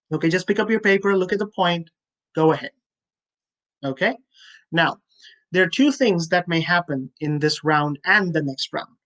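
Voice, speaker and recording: A woman tutoring students for a speaking test in an online webinar, giving direct advice and ending nearly every point with a checking "okay?". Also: fairly low pitch. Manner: direct, coaching tone with frequent "you know" fillers.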